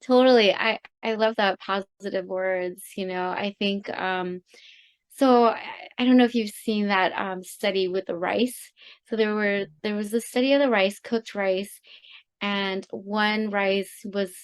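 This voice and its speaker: Female co-host, mid pitch, halting and searching delivery full of fillers. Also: fairly even intonation, clean tone. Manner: halting, many ums and restarts. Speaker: podcast host. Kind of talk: casual chat.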